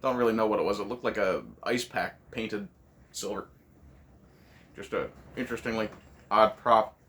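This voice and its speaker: A man's voice: fairly low pitch, moderate pace, fairly bright tone. A man hosting a casual movie review, ranting sarcastically with lots of swearing.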